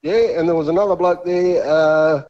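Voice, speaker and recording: A man's voice: on the high side, fairly even intonation, moderate pace, background noise. A man calling in to a radio show, laid-back and joking. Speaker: caller. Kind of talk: phone-in chat. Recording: dull phone-line sound.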